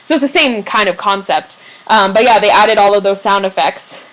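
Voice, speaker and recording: A woman's voice: mid-range voice, moderate pace, a bit bright. A young woman co-hosting a podcast, chatting casually and telling a history story with lots of "um"s and acted-out quotes. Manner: chatty storyteller, many ums, acts out quotes.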